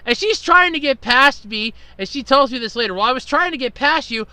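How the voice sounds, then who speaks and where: A man's voice: very high voice, lively intonation, fairly quick, pushed and bright, clear, resonant tone, dry recording. A man hosting a podcast, telling a long story in a rambling, exasperated way and swearing freely. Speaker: podcast host. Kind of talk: casual storytelling monologue.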